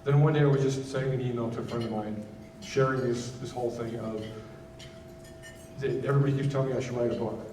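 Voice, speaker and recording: A man tells his own story from the stage, stopping and restarting as he searches for words. His voice is mellow and unforced. It reaches the mic from a distance, with the echo of a large hall and a faint rumble underneath. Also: fairly even intonation. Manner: halting, candid, many restarts. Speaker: keynote speaker. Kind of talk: personal testimony speech. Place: gala event hall.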